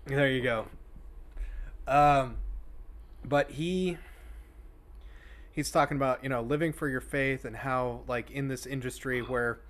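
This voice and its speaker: A man's voice: mid-range voice, measured pace, pauses often, a bit bright. A man hosting a casual chat show, rambling with many fillers and restarts. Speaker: podcast host.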